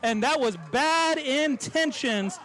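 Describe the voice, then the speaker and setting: A man calling high school football play-by-play, excitable, with quick play calls, stumbles and laughs. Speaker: play-by-play announcer.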